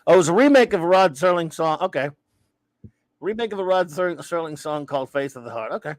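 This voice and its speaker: Rambling New man, slightly high voice. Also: lively intonation, fast, no echo. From New Orleans, USA. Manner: rambling, self-interrupting, playful. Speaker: podcast host reading chat. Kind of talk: casual chat.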